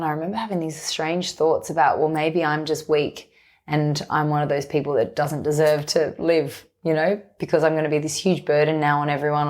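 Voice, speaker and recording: A woman's voice: low voice, a little mellow. A woman, a podcast guest talking openly and reflectively in long, flowing runs. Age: 30s. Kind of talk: candid conversational interview.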